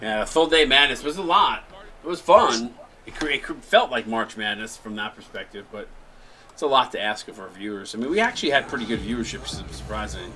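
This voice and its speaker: A man hosting a live stream, mixing casual chat with excited play-by-play calls. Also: mid-range voice, fairly quick, poor audio. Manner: chatty, jokey, breaks into excited shot calls. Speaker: play-by-play commentator and stream host.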